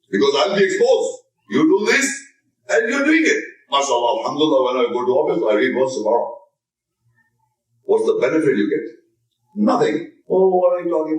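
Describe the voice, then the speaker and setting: A man lecturing on religion with emphasis, his voice sitting a little high. He slips into the voices of imagined people and recites Arabic verses now and then. The sound is roomy and echoey, picked up from some distance off the mic.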